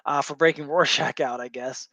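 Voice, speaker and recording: A man's voice: on the high side, steady tone, normal speed, bright, forceful tone, dry recording. Chatty man recapping a story, dry sound. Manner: loose and rambling, with many fillers and restarts. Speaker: show host recapping a comic. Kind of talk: casual retelling of a story to a co-host.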